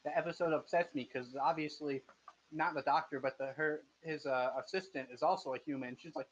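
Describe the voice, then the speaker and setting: A man in his twenties with a fairly high, fairly quick voice runs a tabletop game as game master. He's casual and jokey and often trips over his words. The audio is dull, lo-fi voice chat.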